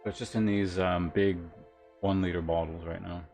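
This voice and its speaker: A man streaming a game and chatting casually, relaxed and rambling, often trailing off. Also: deep voice, normal speed, soft background music. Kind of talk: casual let's-play commentary.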